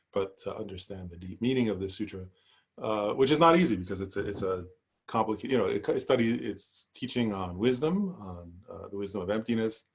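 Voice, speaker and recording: Man, Buddhist teacher, low voice, husky, halting delivery, video call class. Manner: hesitant, many fillers and asides, seeks agreement with "right?". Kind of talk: online dharma class lecture.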